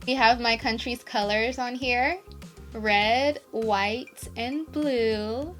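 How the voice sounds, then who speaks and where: A young woman, a pageant titleholder, gushing and emotional while chatting casually through an unboxing vlog. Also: on the high side.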